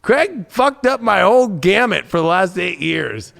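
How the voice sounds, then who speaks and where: An excitable man hosts a casual tarot reading, talking intensely and swearing freely. His voice sits high and swings widely in pitch. A gravelly fry roughens his delivery. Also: a little slow. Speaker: tarot reader host.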